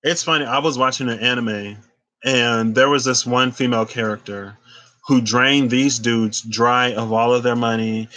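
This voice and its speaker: A man talks through a tarot reading in an emphatic, conversational way, dropping in casual slang. His voice is bright and forceful, at a middling pitch. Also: fairly even intonation, moderate pace, rough recording. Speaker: tarot reader. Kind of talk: spiritual tarot talk.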